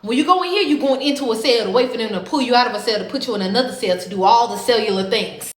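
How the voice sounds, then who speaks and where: A woman, telling a story in a dramatic, profane, animated way. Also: on the high side, quick pace, reverberant. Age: 20s. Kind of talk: casual storytime.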